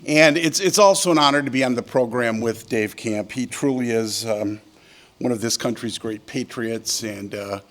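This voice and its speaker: A man's voice: mid-range voice, moderate pace. An older man giving a conference keynote speech, a folksy storyteller with frequent ums and uhs. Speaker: keynote speaker. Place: yacht club event hall.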